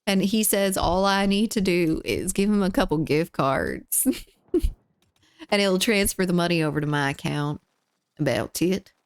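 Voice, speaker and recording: A woman's voice: on the low side, moderate pace, clean tone, no room sound. A woman streaming a game, chatting casually, giggling often as she reads chat messages aloud and answers them. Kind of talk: casual live-stream chat while gaming.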